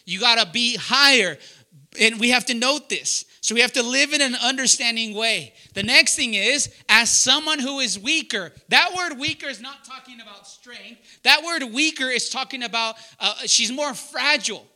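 Young adult pastor guy, real loud and punchy, high bright voice, keeps quizzing the room. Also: moderate pace. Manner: loud, emphatic, asks the room questions. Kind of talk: sermon.

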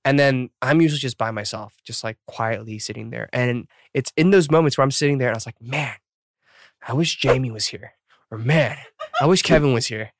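A thirty-something man hosts a podcast, keeping the storytelling loose and chatty with frequent laughter and the occasional quoted voice. He speaks briskly in a mid-range voice, recorded cleanly in a studio with no room sound.

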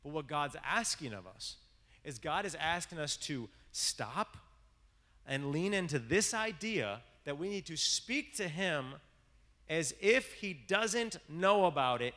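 Male pastor, loose joking sermon style, bright forceful tone, long echoing hall. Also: fairly high pitch. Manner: rambling, self-mocking storytelling with many restarts. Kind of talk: conversational sermon.

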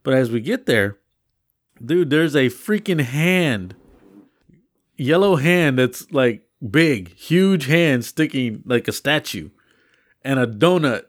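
A man, co-hosting a podcast, retelling his rideshare trips in a rambling, animated way with frequent exclamations. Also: medium pitch, takes it slowly. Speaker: podcast co-host. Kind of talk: casual storytelling chat.

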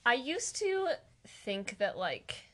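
A woman's voice: fairly high pitch, big pitch swings, slow, sharp tone. A young woman chatting casually with a friend, rambling with many fillers and frequent laughter. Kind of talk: casual chat between friends.

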